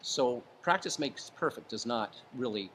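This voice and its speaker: A man with a mid-pitched voice gives advice in an interview, calm and deliberate. He shifts his tone and leans on pauses for effect. A faint noise sits under the recording. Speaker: interview guest, former hostage negotiator.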